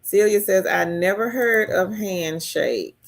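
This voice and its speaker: A woman hosts a casual live stream, reading viewer comments aloud one by one and chatting back in reply. She talks slowly and without hurry, in a mid-pitched voice. When something excites her, her pitch springs high. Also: creaky.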